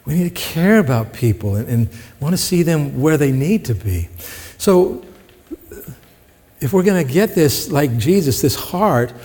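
A man's voice: a little high, animated, unhurried, a little mellow, breathy edge. Guy preaching a sermon, chatty, keeps asking the room questions, long hall reverb. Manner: conversational, asks the congregation questions. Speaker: pastor.

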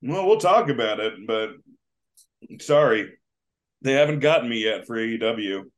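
A man's voice: medium pitch, expressive, normal speed. A man co-hosting a casual comedic podcast, rambling with many fillers and tacking "bro" onto his lines. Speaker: podcast co-host.

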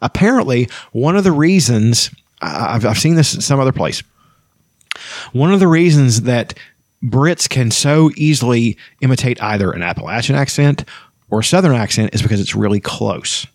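Rambling husky man, casual podcast chat. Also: medium pitch, expressive, normal speed, no echo, studio quality. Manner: rambling, profane, restarts sentences. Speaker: podcast co-host.

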